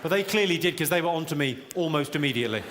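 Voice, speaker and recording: A man's voice: fairly high pitch, lively intonation, very fast, noisy background. A man doing a stand-up comedy routine in a large theatre, with a wry, punchline-driven delivery that teases the crowd. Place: large theatre venue with a live audience. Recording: echoey hall, loud audience laughter.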